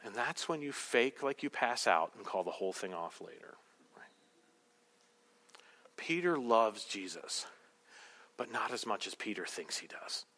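A man's voice: fairly low pitch, expressive, measured pace, long pauses, bright, forceful tone. A man preaching a sermon, acting out the lines of the people in his story, sometimes dropping to a whisper. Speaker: pastor.

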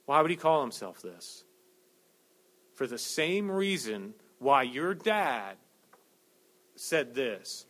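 A man preaching a sermon, swinging between loud slow emphasis and quick joking asides. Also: high-pitched, animated. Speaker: pastor.

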